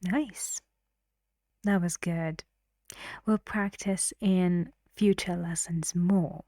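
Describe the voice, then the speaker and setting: Woman teacher talking really slow, half whispering, dry close sound. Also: on the low side, fairly even intonation, mellow, dry recording. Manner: slow, patient, often drops to a whisper; chants stress patterns in syllables. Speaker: English pronunciation teacher. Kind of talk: online lesson with drills.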